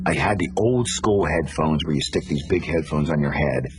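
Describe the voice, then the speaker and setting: A man's voice: a bass voice, normal speed. A man earnestly telling a first-person ghost story and building suspense, with music playing behind him.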